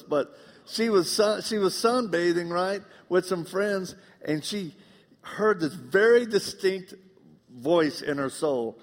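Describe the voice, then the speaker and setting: Southern male preacher, gravelly voice, comic storyteller; long hall reverb. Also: fairly high pitch. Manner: humorous storytelling, acts out dialogue. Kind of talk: live sermon. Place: church.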